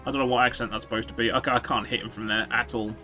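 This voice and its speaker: A man's voice: mid-range voice, level tone, fast, pushed and bright, faint music behind. A man giving casual, sarcastic commentary while streaming a video game, swearing and joking with his chat.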